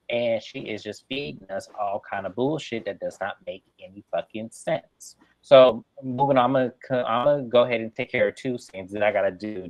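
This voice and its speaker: A man's voice: lowish voice, dry recording. Blunt, profane man ranting. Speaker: reality TV reviewer. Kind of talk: casual ranting recap. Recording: dull lo-fi sound.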